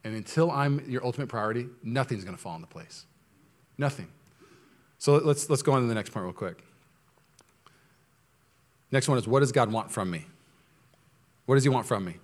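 A male pastor delivers a sermon, shifting between quiet, low-pitched asides and loud, high, impassioned passages.

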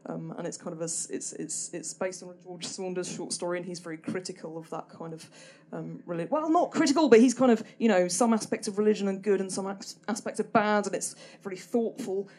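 A woman's voice: medium pitch, brisk, few pauses, mellow. A young woman telling a stand-up story on stage, hesitant and rambling, full of ums and restarts, with a dry, self-deprecating humour. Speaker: stand-up performer. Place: small comedy venue stage.

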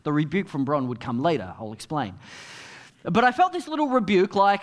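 Middle-aged male pastor, sermon, storytelling manner with quiet asides; high, very lively voice. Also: normal speed.

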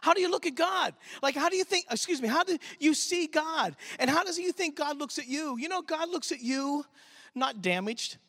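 A middle-aged man from Pittsburgh preaching a sermon in an animated, storytelling, street-talking way. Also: very high voice, normal speed, dry recording.

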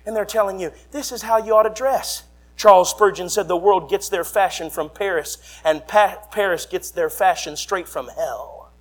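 Fiery high-voiced preacher man shouting. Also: normal speed. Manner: fiery, shouting, sweeping swings in pitch and volume. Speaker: traveling preacher. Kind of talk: fiery revival sermon.

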